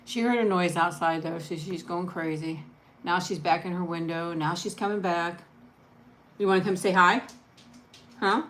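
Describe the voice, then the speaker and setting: A woman hosting a casual eat-and-chat livestream, talking softly and rambling, with frequent laughs. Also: on the low side, moderate pace, long pauses, a little hiss or hum. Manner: chatty, soft-spoken, rambling, laughs often. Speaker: mukbang channel host.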